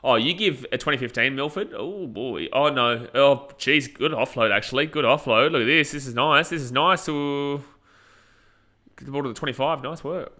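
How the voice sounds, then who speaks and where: An excitable young Australian man, a streamer, gives blunt and crude live commentary while watching a match, reacting loudly to the plays. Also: mid-range voice, moderate pace.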